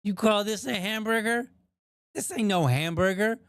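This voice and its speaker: Cranky indignant small boy, as a man mimics him, slightly higher voice, mocking tone. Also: normal speed, a bit bright, clean tone, dry recording. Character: grumpy little boy scoffing at a plain burger.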